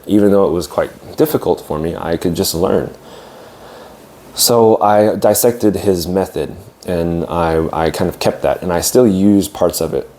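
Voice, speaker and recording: A young adult man, an English teacher, telling his own story in a casual, reflective way, often pausing with fillers and restarting sentences. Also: low-pitched, dark tone. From United States.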